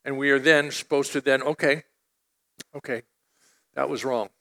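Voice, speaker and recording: A man's voice: mid-range voice, steady tone, normal speed, creaky, bright, forceful tone. A middle-aged man preaching a conversational sermon as a pastor, mixing scripture with personal stories.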